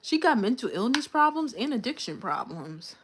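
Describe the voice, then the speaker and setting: A woman's voice: fairly high pitch, big pitch swings, normal speed, background noise. A young woman livestreaming, telling a personal story in a candid, slangy, venting way to her chat. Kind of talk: casual live-stream storytelling.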